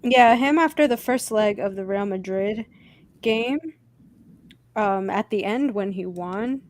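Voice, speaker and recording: A woman's voice: mid-range voice, unhurried, a little mellow. A woman co-hosting a casual football podcast, speaking in a direct, frustrated way. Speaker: podcast co-host.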